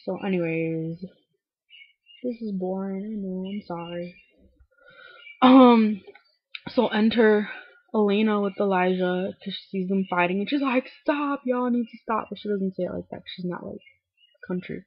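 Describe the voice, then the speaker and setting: A young woman talks through an episode recap in loose, chatty bursts, full of "like"s and swears, a little low on energy as if unwell. Her voice is gravelly and husky. It sounds dull and lo-fi, close and dry on a webcam mic. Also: steady tone, unhurried, long pauses, dry recording. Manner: talkative, many "like"s, swears freely, acts out lines in quotes.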